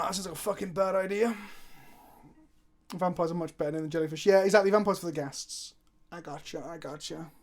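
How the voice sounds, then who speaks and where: A man's voice: high voice, creaky. A man streaming a card game live, chatting casually, swearing freely and answering viewers' chat as he plays.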